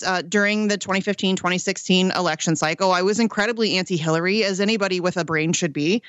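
A woman's voice: medium pitch, a bit bright, no echo, muffled recording. A woman from Ohio, a political activist, talking casually as a radio guest, with lots of ums and restarts. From Ohio, USA. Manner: chatty, many ums and restarts, laughs often.

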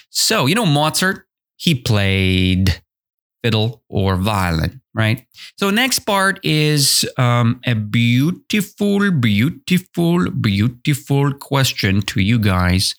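A man hosting an English lesson podcast, walking through a story line by line. His pitch swings widely as he talks, and he speaks slowly. He often repeats himself and asks the listeners questions. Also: a bit bright. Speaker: English teacher, podcast host. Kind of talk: explaining a story in a language lesson.

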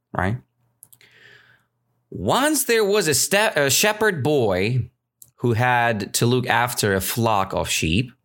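A man teaching, reading a story aloud to learners in a playful way, stopping to ask rhetorical questions and making deliberate mistakes to correct. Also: medium pitch, a bit bright.

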